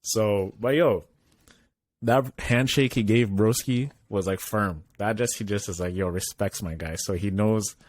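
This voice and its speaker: Laid-back young man with a low voice. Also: unhurried. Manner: laid-back and easygoing, peppers speech with "bro". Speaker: podcast co-host. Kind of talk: casual podcast chat.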